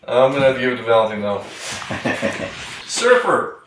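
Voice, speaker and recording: A man's voice: mid-range voice, very animated, slow pace. A man in casual party-game banter, laid-back and slangy, laughing often. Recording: roomy, distant mic, hiss.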